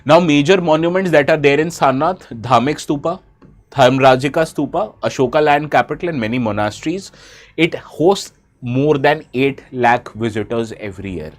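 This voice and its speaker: A man's voice: mid-range voice, moderate pace. A man with an Indian English accent teaching a live online exam-prep lesson, quizzing viewers, reading their names from the chat and correcting himself as he goes. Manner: corrects himself mid-sentence.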